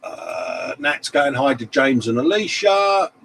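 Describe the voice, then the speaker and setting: A middle-aged man chats casually on a live stream, reading out viewer messages with matey banter. His pitch sits in a middle range. Faint background noise hangs behind him. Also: big pitch swings, slow pace, creaky, a bit bright, rough recording. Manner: matey banter, reads viewer comments aloud. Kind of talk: casual chat.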